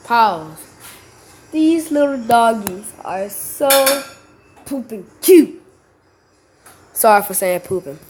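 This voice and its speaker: A woman's voice: on the high side, expressive, slow, long pauses, darkish tone, slight background noise. A woman co-hosting a reaction video, chatting casually with slangy, playful remarks.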